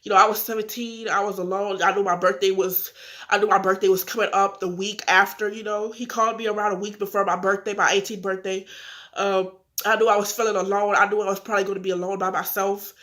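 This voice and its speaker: An eighteen-year-old woman speaks to her viewers in a casual confessional vlog, candid and earnest. She sounds upset but keeps herself from crying as she talks. Her voice sits at a middle pitch. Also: flat delivery, fast talker, fairly bright tone. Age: young adult. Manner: talks directly to viewers, acts out phone calls. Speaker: vlogger.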